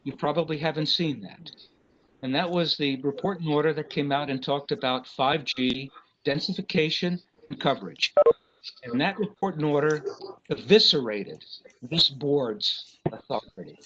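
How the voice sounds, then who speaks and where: The dull lo-fi recording of a public meeting catches an RF engineer consultant with a fairly high voice at a moderate pace, with background noise. Impassioned and apologetic, he stops and restarts often.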